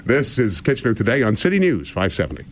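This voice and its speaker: A man's voice: on the low side, huge pitch swings, quick pace, dry recording. Chuckling older male radio host. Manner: rambling, chuckling, self-deprecating. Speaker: radio talk show host. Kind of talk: casual radio talk. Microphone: studio microphone.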